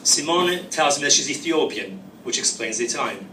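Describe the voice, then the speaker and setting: A man's voice: mid-range voice, animated, fairly quick, bright, forceful tone. Man at a live reading narrating his own story, wry and reflective; captured far off with faint room noise. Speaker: author reading his fiction. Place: reading venue. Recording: roomy, distant mic, faint ambience.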